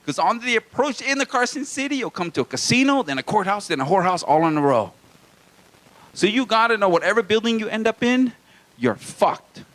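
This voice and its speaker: A man's voice: sits high, very animated, a little fast, fairly bright tone. A man from Hawaii doing a live stand-up routine in a small comedy venue, with crude jokes and playful banter with the crowd.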